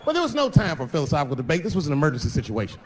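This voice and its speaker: A man's voice: on the high side, wildly swooping pitch, very fast, a little hiss or hum. A man in his fifties from the United States, telling a stand-up story on stage before a live audience, casual and profane, acting out the voices of people he quotes. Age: 50s. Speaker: stand-up comedian.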